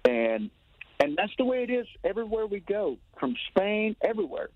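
This caller's voice is high-pitched and sing-song at a moderate pace, with a dry recording. He's a touring musician from Tennessee with a Southern accent, phoning in to a relaxed radio interview and talking in an enthusiastic, rambling way full of restarts over a tinny telephone line.

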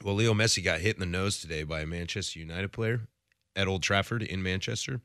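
A man's voice: sits low, brisk, fairly bright tone, no echo, clean studio sound. A man co-hosting a radio show, joking easily and laughing at himself in casual banter. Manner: jokey, laughs easily, self-mocking.

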